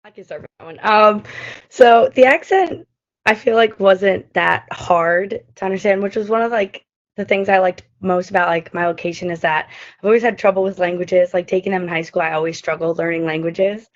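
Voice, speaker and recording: A woman's voice: mid-range voice, moderate pace. Young woman chatting on a lo-fi call. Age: young adult. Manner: chatty, many fillers. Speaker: study abroad alumna. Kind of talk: casual chat. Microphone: video call. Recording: lo-fi video call audio.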